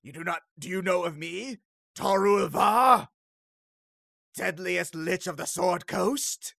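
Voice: mid-range voice, slow pace, vocal fry, a bit bright, no room sound, clean studio sound, exaggerated voice. A game master voicing a vain, boastful male lich in a tabletop game, pompous and bellowing.

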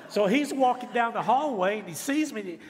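This sermon comes from a middle-aged guest preacher whose very high voice is expressive and a little fast. He leans on folksy, self-deprecating stories and humor, the congregation responds, and the sanctuary's long reverb carries slight background noise.

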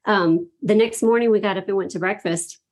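Husky woman telling a heartfelt story. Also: medium pitch, fairly quick, a little mellow. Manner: emotional, laughs often, acts out her own reactions. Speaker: event participant sharing her story. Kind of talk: casual personal storytelling.

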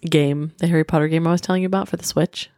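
A woman in her thirties co-hosts a podcast, chatting casually and rambling with plenty of filler words. Her low, dark voice stays steady and moves very fast, recorded at studio quality with no echo.

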